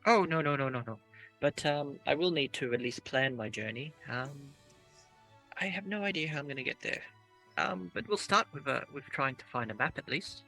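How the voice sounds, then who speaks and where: A man's voice: on the high side, animated, moderate pace, gravelly, bright, forceful tone, faint music behind. A man playing his character in a tabletop game, talking hesitantly with many fillers. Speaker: player. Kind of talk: in-character tabletop role-play.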